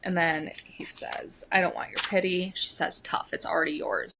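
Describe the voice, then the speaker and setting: A woman's voice: on the low side, sing-song, moderate pace, pushed and bright, slight background noise, poor audio. A young woman co-hosting a book podcast, reading passages aloud and commenting on them between readings. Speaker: podcast co-host. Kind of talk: casual book discussion with read-aloud passages.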